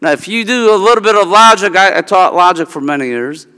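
A pastor delivering an emphatic, teaching-style sermon that walks through logic step by step. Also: male voice, high-pitched, lively intonation, brisk, pushed and bright, smooth, long reverb tail.

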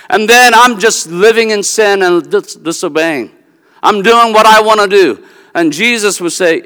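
A man preaching a sermon with a high, bright and forceful voice. He teaches emphatically, laying out his points step by step. The sound carries a long reverb from a large hall. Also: lively intonation, measured pace, clean tone. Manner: emphatic teaching with logic examples. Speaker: pastor.

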